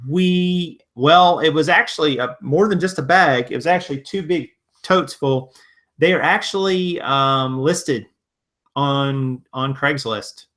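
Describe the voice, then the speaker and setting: Man, from Virginia, live-stream host, fairly high pitch, sharp bright tone, casual rambling chat. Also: takes it slowly. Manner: rambling and conversational, with frequent restarts and chuckles.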